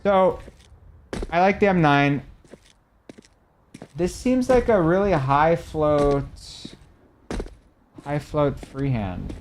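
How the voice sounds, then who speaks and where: His voice sits a little high and sounds expressive as this young man chats casually with his stream viewers, reacting animatedly and shifting between loud and soft. He speaks extremely slowly and pauses often, over a slight hiss or hum.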